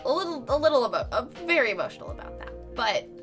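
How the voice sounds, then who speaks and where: A woman's voice: high-pitched, sing-song, fast. A woman artist chatting casually with her viewers on a live stream, effusive and giggly, laughing often. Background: faint background music.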